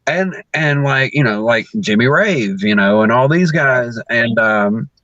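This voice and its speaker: A man's voice: mid-range voice, lively intonation, measured pace, pushed and bright, dry recording. Male wrestler guest, loose rambly storyteller who laughs a lot; dull dry lo-fi sound. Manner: laughs often, rambling with many fillers. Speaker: professional wrestler, podcast guest. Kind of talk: casual storytelling.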